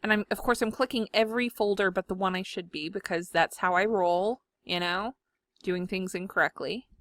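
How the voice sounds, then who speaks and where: A woman's voice: mid-range voice, steady tone, normal speed, fairly bright tone, dry recording. Chatty woman, dry close sound. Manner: chatty, self-deprecating, giggly. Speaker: scrapbooking video host. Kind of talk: casual chat while demonstrating software. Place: home room.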